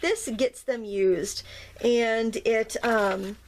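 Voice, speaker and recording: A woman with a slightly high voice talks through a stamping demonstration at her desk. Her delivery is chatty and gentle. She gushes warmly whenever a piece turns out cute. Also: extremely slow, a little hiss or hum. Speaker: craft tutorial host. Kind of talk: casual step-by-step demonstration.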